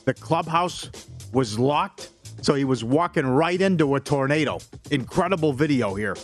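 A man hosting a casual sports betting talk show, telling stories with big jumps in pitch. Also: normal speed, soft background music. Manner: animated storyteller, jumps in pitch on punchlines.

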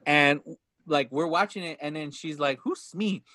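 A man's voice: fairly high pitch, little pitch movement, moderate pace, pushed and bright, no echo, clean studio sound. A man in his thirties chatting casually about a movie, acting out lines and laughing often. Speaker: podcast co-host. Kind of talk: casual movie review chat.

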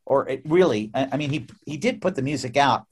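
A man's voice: mid-range voice, a little fast, husky. A middle-aged American man chats as a guest in an interview. His voice sits in an ordinary middle range. He tells stories eagerly, trips over his own words and breaks into laughter. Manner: animated, repeats words as he restarts, laughs often. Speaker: musician guest. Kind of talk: casual interview storytelling.

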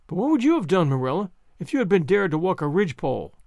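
A man's voice: high-pitched, big pitch swings, fast, a little mellow, no room sound, studio quality. A man reading aloud, voicing an earnest, dramatic young girl with solemn, wordy speech. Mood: pleading. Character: imaginative dramatic girl, eleven-ish, earnest.

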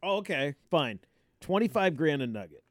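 A man's voice: a little high, very animated, normal speed, no room sound. Guy cohost joking around, voice jumps around a lot, dry mic. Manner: joking, feeds hypotheticals, laughs along. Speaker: podcast co-host. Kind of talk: casual banter.

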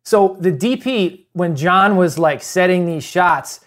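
A woman's voice: on the low side, animated. Woman, podcast guest, rambling, chatty, former stand-in. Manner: rambling, quick asides with laughs. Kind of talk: casual chat.

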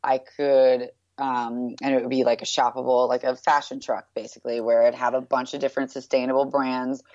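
A woman in her thirties from New York with a strikingly deep, low voice chats about her work as an interview guest. She is upbeat and loose, with lots of "like" and "um" fillers. The recording is dull and lo-fi, with a dry, close sound. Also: level tone, a little fast, darkish tone, dry recording. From New York, USA. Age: 30s. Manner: chatty and upbeat, with many "like" and "um" fillers. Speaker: guest, brand founder. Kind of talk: casual interview chat.

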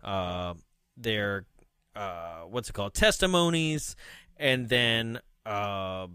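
A man's voice: lowish voice, very animated, slow, pushed and bright, clean tone, dry recording, clean studio sound. A young man chatting casually on a podcast, reviewing a movie in a rambling way with lots of fillers and restarts.

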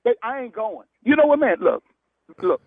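A man's voice: very high voice, very animated, normal speed, no echo. A man on a phone call, agitated and whispering, then laughing it off. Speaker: prank call target. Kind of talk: phone conversation.

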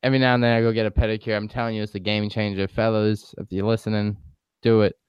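Smooth-voiced young guy telling a story. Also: lowish voice, level tone, quick pace, no echo, lo-fi sound. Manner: laid-back storytelling, laughs often, swears. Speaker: podcast co-host. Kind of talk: casual chat.

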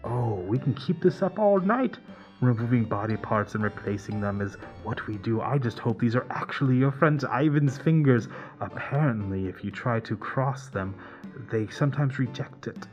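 A man's voice: mid-range voice, expressive, moderate pace, darkish tone, soft background music, close to an everyday voice. Brief: man doing a polite, menacing torturer doctor, dull lo-fi sound. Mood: calm menace. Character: sinister calm male surgeon who tortures captives.

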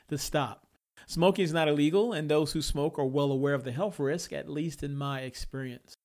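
A man's voice: fairly high pitch, darkish tone. A man hosting a solo opinion podcast, talking in a thoughtful, reflective way and laughing now and then. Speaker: podcast host.

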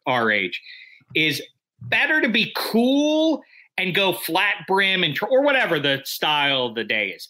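A man's voice: a little high, bright, forceful tone. A man co-hosting a podcast in casual, rambling chat. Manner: playful, rambling, drifts between topics. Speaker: podcast co-host.

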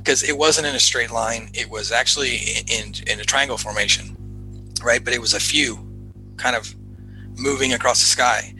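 Bright, excitable man telling a story. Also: mid-range voice, moderate pace, soft background music, rough recording. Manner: animated, repeats himself, acts out his own excited shouts. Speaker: podcast guest. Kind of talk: casual storytelling chat.

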